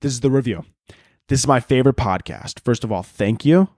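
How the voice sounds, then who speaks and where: A man's voice: medium pitch, fairly quick, darkish tone, no room sound, studio quality. A young man from the Chicago area hosting his own podcast, ranting crudely and jokingly with lots of fillers. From Chicago area, United States. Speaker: podcast host. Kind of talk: casual solo podcast rant.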